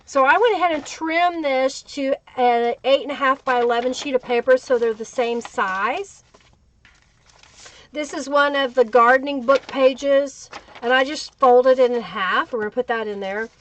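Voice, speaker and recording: The host of this live crafting tutorial is a woman with a high voice who speaks at a moderate pace. She chats as she works and greets chat viewers by name, while the dull lo-fi livestream sound has a little hiss or hum.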